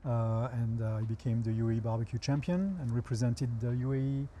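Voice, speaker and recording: A man from France with a French accent, a guest chef in a TV talk show interview, explaining things in a relaxed way with dry humor. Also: mid-range voice, fairly quick, a little hiss or hum.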